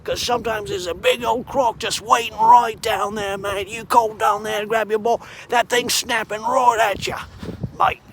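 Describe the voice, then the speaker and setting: Brief: man doing a brash Aussie outback bloke, high-pitched, bursts into shouts. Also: steady tone, normal speed, a little hiss or hum. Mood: warning. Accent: Australian (put on). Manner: hearty, says "mate" constantly. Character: brash Australian male crocodile-country bloke.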